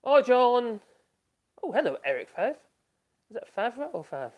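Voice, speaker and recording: A man's voice: very high voice, big pitch swings, a little slow, highs cut off. A man hosting a casual live stream from his home workshop, chatting loosely and laughing often as he reads out and reacts to viewer comments.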